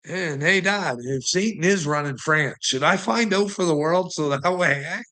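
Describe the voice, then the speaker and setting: A man in a ranting monologue, with a somewhat high voice. His delivery is bright and forceful, mocking and heavy with swearing. He laughs between his jabs. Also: normal speed, low-quality recording. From Canada.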